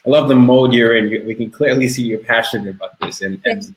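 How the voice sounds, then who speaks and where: A man's voice: mid-range voice, quick pace, roomy sound, rough recording. A man hosting a podcast interview, enthusiastic, often repeating words as he restarts his sentences. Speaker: podcast host.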